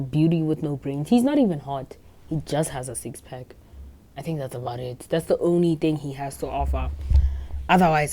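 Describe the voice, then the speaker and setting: A woman in her twenties, hosting a podcast and telling a casual story in a blunt, profane, self-assured way. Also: sits low. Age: 20s. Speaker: podcast host.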